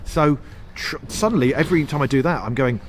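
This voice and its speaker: A man's voice: medium pitch, a little fast, a little hiss or hum. A man from England, a comedy writer and stand-up, chatting in an interview in long rambling runs, with self-mocking asides and frequent restarts. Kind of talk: casual interview chat.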